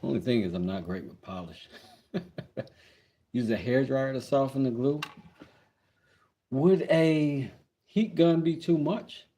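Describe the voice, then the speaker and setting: A man's voice: medium pitch, slow pace, long pauses, warm tone, slight background noise. A man in casual live-stream chat while working on a craft project, joking and reading chat aloud. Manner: laid-back, joking, reads chat aloud.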